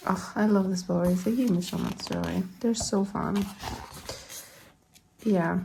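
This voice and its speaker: Gushing woman with a gravelly, mellow voice. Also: mid-range voice, fairly even intonation, a little slow, pauses often, a little hiss or hum. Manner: gushing, rambling, giggly. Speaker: K-pop album collector. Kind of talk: casual unboxing chat. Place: at home, living in London.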